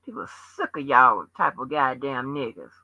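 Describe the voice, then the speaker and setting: A woman's voice: rumbling low, expressive, moderate pace, slightly rough, dry recording. A woman hosting her own channel, delivering a heated, profanity-heavy rant that scolds her viewers. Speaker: channel host. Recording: dull lo-fi dry sound.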